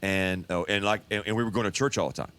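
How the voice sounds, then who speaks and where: Deep-voiced man in his fifties, folksy storyteller. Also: fast, a bit bright. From Texas. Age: 50s. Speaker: pastor. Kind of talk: storytelling a personal testimony.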